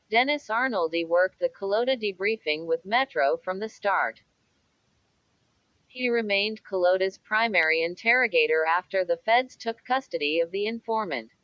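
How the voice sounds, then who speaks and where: Female audiobook narrator, measured true-crime read, dry booth sound, a bit muffled. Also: medium pitch, a bit bright, no echo.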